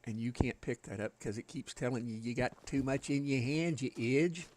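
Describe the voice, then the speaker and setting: A man's voice: medium pitch, moderate pace, darkish tone. A man with a Southern American accent, rambling folksily to his live chat while playing a game. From Southern United States. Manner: folksy, rambling, chatting with viewers. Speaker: game streamer.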